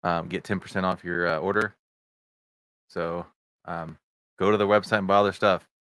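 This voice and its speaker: A man's voice: low-pitched, fairly even intonation, moderate pace, fairly bright tone, a little hiss or hum. A middle-aged man hosting a casual livestream podcast over video chat, rambling with many fillers and greeting viewers in the chat. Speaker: podcast host. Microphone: video chat setup.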